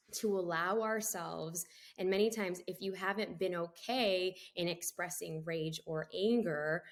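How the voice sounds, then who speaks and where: A middle-aged woman, a guest author, telling a personal story in a podcast interview with animated delivery and frequent laughter. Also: mid-range voice.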